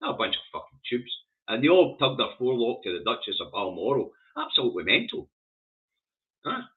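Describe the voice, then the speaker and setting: A Scottish man tears through the day's headlines in a loud, scornful, swear-filled rant. His voice sits at an ordinary male pitch. The audio is thin and tinny, like a phone line. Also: fairly quick. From Scotland. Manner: sweary, scornful, animated ranting. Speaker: host of a news review stream. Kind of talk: ranting newspaper review.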